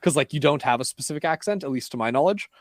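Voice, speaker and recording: A man's voice: on the high side, animated, fast talker, no echo, studio quality. A man with a General American accent chatting as an interview guest, talking loosely with many fillers. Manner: heavy use of "like" and "um" fillers. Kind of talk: casual interview chat.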